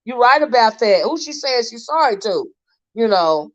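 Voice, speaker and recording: A woman's voice: on the high side, big pitch swings. A woman hosting a casual livestream commentary, talking straight to her viewers. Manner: chatty, talks straight to viewers, halting restarts while reading posts aloud. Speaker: livestream host. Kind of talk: casual commentary on a crime case. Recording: slightly dull lo-fi stream audio.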